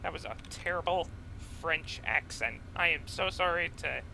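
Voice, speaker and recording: A man's voice: on the high side, lively intonation, moderate pace, gravelly, sharp tone, slight background noise, low-quality recording. A man giving casual commentary while playing a video game, chatty and rambling off on tangents. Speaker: let's play gamer.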